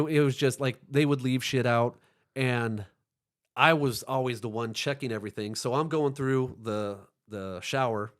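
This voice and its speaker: A man as a podcast guest, telling an animated, profane story in casual chat and acting out the dialogue. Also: mid-range voice.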